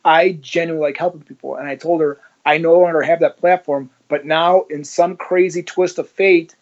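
A man's voice: on the high side, fairly even intonation, moderate pace. A middle-aged man, a former police officer, telling his story in a casual interview and acting out the dialogue he quotes. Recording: slightly muffled lo-fi audio.

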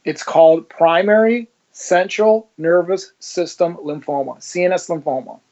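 A middle-aged former police officer, his voice sitting high, a little slow and mellow, tells his story in a casual interview, acting out the dialogue he quotes. The lo-fi audio is slightly muffled.

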